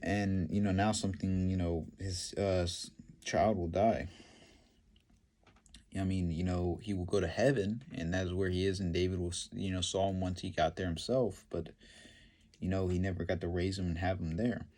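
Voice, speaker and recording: A man retelling a Bible story and commenting on it, in a halting, filler-heavy way. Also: deep voice, fairly even intonation, dark tone. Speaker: Bible teacher.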